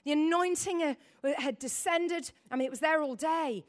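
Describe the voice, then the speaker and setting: A woman's voice: high-pitched, normal speed. A middle-aged woman preaching a sermon, telling a personal story in a rambling, emotional way and calling on the congregation to repeat words.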